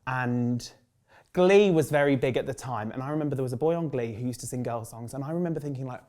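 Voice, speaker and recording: A man's voice: medium pitch, quick pace. Man, 30s, Birmingham accent, chatty storyteller, acts out quotes, lots of "like". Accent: Birmingham English. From England. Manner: animated, acts out quoted voices, many "like" fillers. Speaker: guest, drag performer. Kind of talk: casual storytelling interview.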